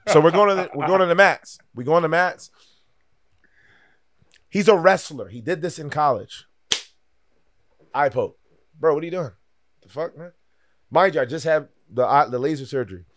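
A man in his thirties telling a story casually on a podcast, animated and acting out other people's lines. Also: a little high, moderate pace, pauses often. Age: 30s. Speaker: podcast host and fighter.

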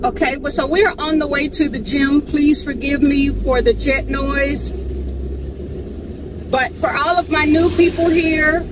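High-voiced upbeat woman vlogger. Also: steady tone, measured pace, background noise. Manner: sprinkles speech with endearments like honey and sweetheart; preachy, uplifting, faith-filled encouragement. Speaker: vlog host. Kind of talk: upbeat casual vlog chat.

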